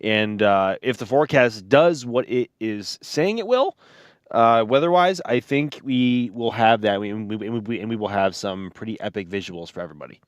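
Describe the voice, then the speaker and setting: A man's voice: lowish voice, lively intonation, normal speed, no room sound, lo-fi sound. A man's voice recorded close and dry, with no room sound around it. He co-hosts a casual livestream with enthusiasm, often restarting his sentences as he talks. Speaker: co-host.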